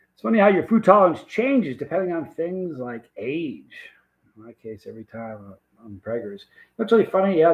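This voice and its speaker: A man's voice: medium pitch, dull audio. A man hosting a livestream, rambling in a folksy, casual way and reading out viewer comments. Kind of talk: casual chat.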